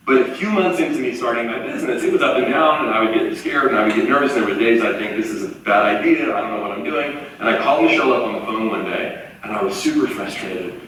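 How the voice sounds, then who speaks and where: A man in his forties giving a live motivational talk, telling stories in an animated way and acting out the voices of the people he quotes. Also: mid-range voice, fast, few pauses, noisy background. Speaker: motivational speaker. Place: large auditorium. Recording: echoey hall from far off, faint ambience.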